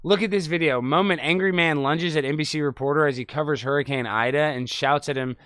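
A man hosting an online show, commenting sarcastically on news clips in a loose, animated way. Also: fairly high pitch, quick pace, dry recording, studio quality. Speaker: host.

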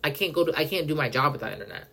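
A woman's voice: expressive, vocal fry, a bit bright, breathy edge. A young woman hosting a podcast, ranting in a casual, profane monologue full of "like" and indignant outbursts. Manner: fast, profane, heavy use of "like", indignant; pitch jumps up when worked up. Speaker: podcast host.

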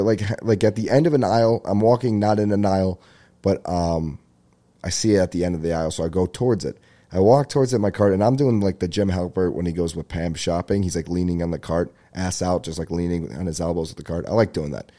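A man's voice: low-pitched, quick pace, warm tone. A man in his twenties hosting a comedy podcast, rambling through a casual monologue, joking, swearing and laughing at his own bits. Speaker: podcast host.

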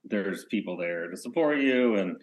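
Low-voiced man rambling casually. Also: lively intonation, normal speed, lo-fi sound. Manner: rambling, trails off into mumbles. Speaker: podcast co-host. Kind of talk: casual chat.

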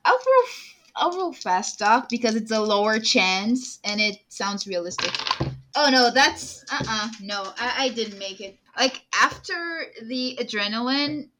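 A woman plays a character in a tabletop game. She speaks slowly, and her voice is bright and a little high. Her manner is playful, and she laughs often. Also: sing-song, a little hiss or hum. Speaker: player.

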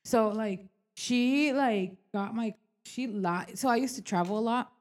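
On a casual podcast, a young adult woman co-host speaks at a measured pace in a higher voice. She candidly describes her real estate work in an animated way, swearing frequently, using many fillers, and acting out people's words.

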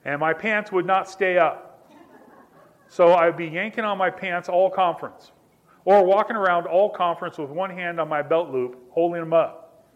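High-pitched guy preaching, chatty story with lots of repeated lines, talks right to the crowd. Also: fairly even intonation, normal speed, muffled recording. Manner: repetitive, building emphasis through restated phrases; conversational, addresses listeners directly. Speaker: pastor. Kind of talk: sermon with personal storytelling.

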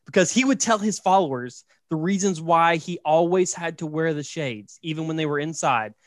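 A man with a fairly high voice runs through a story in casual podcast chat, animated and joking. He keeps checking in with "right?" and leaning on "like". The recording is close and dry. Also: normal speed, no echo. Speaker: podcast host.

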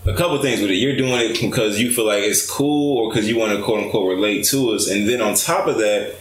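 A man's voice: fairly low pitch, a little fast, reverberant, poor audio. A man in casual podcast chat, talking bluntly and emphatically, swearing freely.

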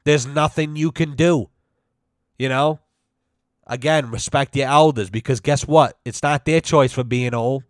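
A man's voice: mid-range voice, a little slow, no echo, studio quality. A man hosting a podcast on a headset at home, telling stories in a casual, rambling way and swearing a lot. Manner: profane, rambling, lots of "you know". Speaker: podcast host. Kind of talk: casual storytelling monologue. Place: at home with his dog. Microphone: headset mic.

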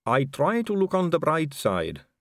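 A man's voice: a little high, wildly swooping pitch, a little slow, no echo, studio quality, voice pushed up, full character voice. Man doing a genteel vampire lady. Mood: gracious. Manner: polite, gracious, lightly teasing. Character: genteel female vampire aristocrat, middle-aged, poised.

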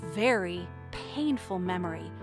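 Slow, measured woman narrator over music. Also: on the low side, expressive. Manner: measured, explanatory, lists words for emphasis. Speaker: host and narrator. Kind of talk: reflective commentary on a session.

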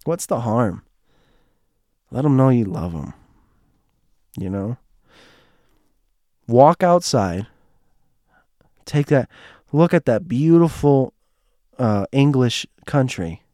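A man with a hoarse, strained throat telling a personal story in a casual monologue, rambling and restarting, heartfelt with bits of joking. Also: mid-range voice, very animated, slow pace, pauses often, dark tone, no echo, clean studio sound.

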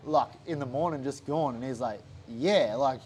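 A man with an Australian accent telling a story in a casual interview, animated and swearing often. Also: medium pitch, normal speed, a little hiss or hum. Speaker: interview guest, fighter.

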